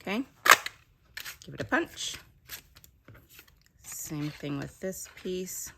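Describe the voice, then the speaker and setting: A woman with a lilt talks through a card-making tutorial in an easy, chatty way. Her voice sits a bit low for a woman. She narrates each step as she works. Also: very animated, slow pace, vocal fry, very noisy. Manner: chatty, explaining step by step while working. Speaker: craft demonstrator. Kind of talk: casual craft tutorial.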